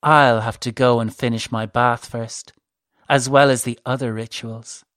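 A man's voice: mid-range voice, steady tone, unhurried, a bit bright, dry recording, clean studio sound, close to an everyday voice. A man voicing a coaxing female monster. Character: seductive female monster, calm and commanding.

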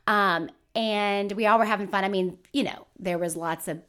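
A woman's voice: mid-range voice, moderate pace, a bit bright, smooth. A woman, rambling through a story in casual chat as a podcast co-host, with many fillers. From Atlanta, Georgia.

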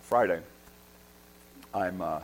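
A middle-aged man preaching a sermon as a pastor, telling a story with animated, self-deprecating humor and excited restarts. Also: sits low, takes it slowly, poor audio. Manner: restarts and repeats words when excited.

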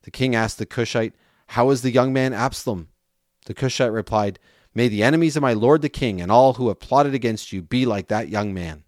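A man reading a scripture passage aloud with a measured, steady delivery. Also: mid-range voice, dry recording, clean studio sound. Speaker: scripture reader.

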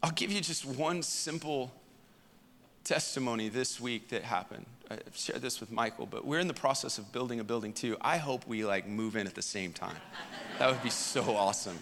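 Pastor with a reverberant hall sound. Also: male voice, medium pitch, normal speed, fairly bright tone. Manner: conversational storytelling with fillers. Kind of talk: sermon testimony.

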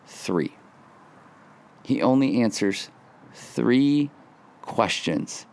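A man preaching a sermon as pastor, earnest, rising into high pleading lines and dropping to quiet, hushed words. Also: vocal fry. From Southern California. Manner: earnest, rising to high emphatic pleas, dropping to soft near-whispers.

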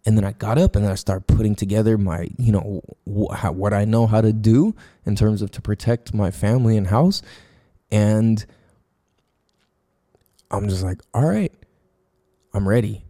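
A man's voice: on the low side, fairly even intonation, moderate pace, mellow. A man hosting a podcast in a casual monologue, talking loosely and profanely, with many fillers and restarts, acting out sounds and his own quoted thoughts as he tells a story. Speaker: podcast host.

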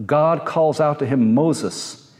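A man delivering a sermon in a slightly high voice, his words ringing with a long reverb through a large hall. He speaks reflectively, stacking short repeated phrases into a steady preaching cadence. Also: moderate pace. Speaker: pastor.

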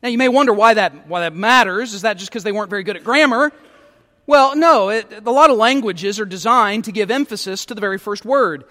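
High-voiced guy preaching a sermon, stumbles and repeats words, big reverby church hall. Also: brisk, bright, forceful tone. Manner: emphatic, repeats words when starting a phrase. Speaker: pastor.

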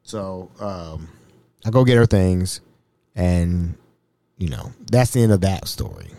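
A man hosting a casual storytelling podcast, chatty and animated, who fills his talk with "you know" and "like.". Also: deep voice, takes it slowly, vocal fry, no room sound. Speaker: podcast host recounting work stories.

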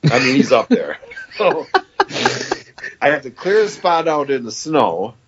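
A man's voice: mid-range voice, very animated, measured pace, muffled recording, background noise. A man in his fifties from Michigan, a podcast guest telling a long story in a rambling, casual way and quoting what others said. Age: 50s. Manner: rambling, quotes others with "he goes".

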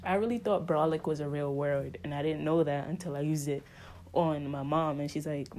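A woman's voice: deep voice, fairly even intonation, normal speed, darkish tone, slight background noise. A woman from New York City with a New York accent, hosting a podcast in a rambling, slang-heavy monologue. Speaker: podcast host. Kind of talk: casual monologue and story time.

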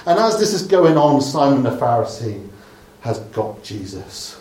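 Speaking in a mid-range voice with big pitch swings and a slightly slow pace, a man from Dorset, England retells a story as a sermon. He keeps it conversational and dotted with humor before dropping to a hush at the close, in an echoey room.

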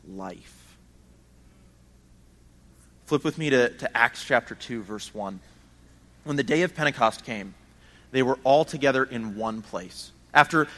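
A man with a voice on the high side and a bit bright preaches a sermon. He speaks in an earnest, conversational way, often repeating words as he builds his points.

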